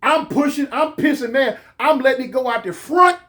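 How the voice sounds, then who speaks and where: A man casually telling a comic story from his own life, animated and full of street slang. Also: very high-pitched. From California. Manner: animated, slangy, drawn-out pauses.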